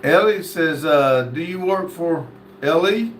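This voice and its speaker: A man's voice: on the high side, unhurried, a little hiss or hum. A man from North Carolina, hosting a livestream and reading chat messages aloud in a folksy, easygoing way with many fillers. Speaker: livestream host. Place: indoor room. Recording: echoey room.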